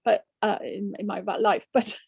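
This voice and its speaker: A woman's voice: medium pitch, little pitch movement, normal speed, vocal fry, a little mellow, husky, no echo. An older woman author from Spain, answering audience questions emphatically with rhetorical questions and frequent restarts. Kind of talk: conversational Q&A.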